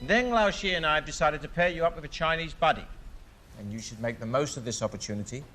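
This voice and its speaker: An actor playing a brisk, joking maths team leader. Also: male voice, a little high, sharp tone, faint music behind. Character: jokey British maths camp team leader, man.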